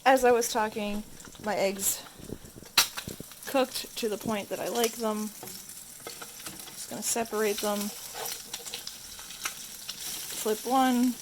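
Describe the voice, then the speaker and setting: A woman's voice: mid-range voice, fairly even intonation, takes it slowly, pauses often, noisy background. A woman vlogging as she cooks breakfast in her home kitchen, chatting casually with self-deprecating asides while holding the camera. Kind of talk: casual cooking vlog narration. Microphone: handheld camera.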